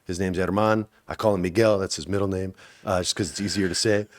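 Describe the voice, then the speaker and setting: A man in his forties, an actor as interview guest, telling stories casually and acting out quotes with sudden high bursts. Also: fairly even intonation, fast, a little hiss or hum.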